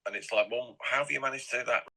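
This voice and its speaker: A man's voice: medium pitch, fast, gravelly, bright, forceful tone, rough recording. A middle-aged man from England, rambling and repeating himself as an interview guest. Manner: rambling and repetitive.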